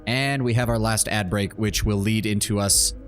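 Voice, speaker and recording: A man's voice: lowish voice, fairly even intonation, normal speed, soft background music. A man streaming a video game, commenting casually and jokingly, swearing and reading choices aloud. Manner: casual, swearing, jokey, reads options aloud. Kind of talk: gameplay commentary.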